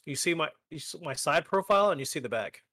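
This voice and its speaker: A man's voice: fairly high pitch, lively intonation, fast talker, sharp tone, no room sound, clean studio sound. A man co-hosting a live stream talk show, bantering with jokes at his own expense. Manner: joking, self-deprecating banter. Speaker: podcast co-host. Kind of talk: casual chat.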